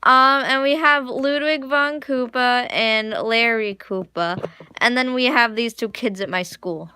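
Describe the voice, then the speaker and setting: A young woman chats to her camera while she draws in her living room, rambling, restarting lines and joking at her own expense. Her voice is bright and clean, and the sound is dry and close. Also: fairly high pitch, a little slow, smooth, dry recording. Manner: rambling, self-mocking, restarts often. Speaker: art vlogger. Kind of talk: casual chat while drawing.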